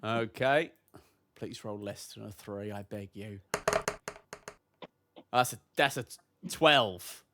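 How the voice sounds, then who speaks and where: A man's voice: fairly low pitch, slow pace, long pauses, very noisy. A man playing in a tabletop game, joking playfully with the group. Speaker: player.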